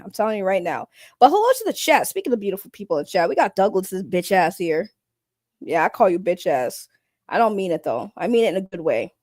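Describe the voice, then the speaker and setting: Speaking in a mid-range, darkish voice, this livestream host chats casually and rambles on. She's blunt and playful, cursing freely while welcoming her viewers, and the studio recording is clean and echo-free.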